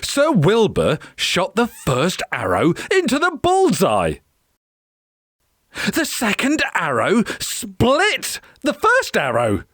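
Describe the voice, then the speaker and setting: A woman reading a children's picture book aloud in an expressive storytelling manner. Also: fairly high pitch, dry recording, studio quality.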